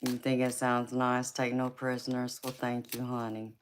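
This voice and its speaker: A woman's voice: extremely low pitch, monotone, normal speed, slight background noise. A woman with a Southern US accent hosting a casual live stream, laughing often and calling her viewers baby and honey. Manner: laid-back, giggly, calls viewers baby and honey. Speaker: tarot reader and livestream host.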